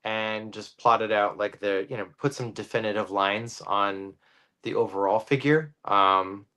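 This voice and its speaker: A man who is a guest comic artist, explaining his drawing process casually and thinking aloud with many pauses. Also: on the low side, steady tone, bright, forceful tone.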